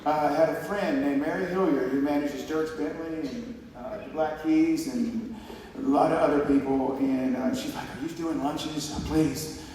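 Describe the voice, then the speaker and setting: A man's voice: on the high side, steady tone, normal speed, warm tone. A man with a slightly raised voice gives an emotional, meandering acceptance speech, retelling conversations as he goes. His voice reaches the recording from a distance, with a long reverberant hall tail and faint room noise behind it. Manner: rambling, heartfelt, with restarts and quoted dialogue. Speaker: award honoree giving a speech. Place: large hall on stage. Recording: echoey hall recorded from far off.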